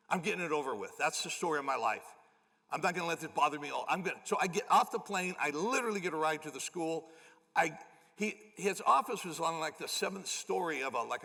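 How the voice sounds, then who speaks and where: A man preaching a sermon as a pastor, telling an animated, self-deprecating story to his congregation in a large church auditorium. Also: on the high side, vocal fry. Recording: long church hall reverb.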